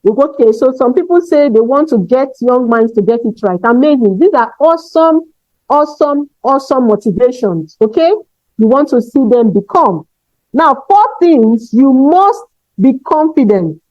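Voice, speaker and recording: Her voice is high, expressive, and a little mellow as she speaks at a moderate pace, giving teachers at a conference an emphatic pep talk and checking in with them regularly. The audio has no echo and sounds dull, dry, and lo-fi.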